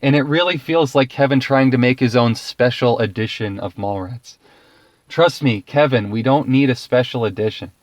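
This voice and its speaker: A man's voice: medium pitch, normal speed, no room sound. A man giving a casual, ranting film review, exasperated and profane, laughing often.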